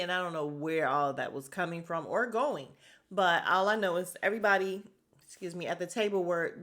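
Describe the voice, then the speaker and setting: A woman's voice: on the low side, a bit bright. A woman hosting a casual podcast recap of a reality show, chatty and blunt, with an exasperated edge.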